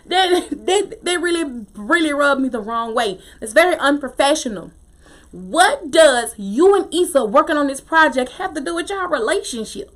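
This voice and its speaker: A woman casually recapping a TV episode, opinionated and animated, with slangy talk and frequent laughter. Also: high voice. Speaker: TV show recap host.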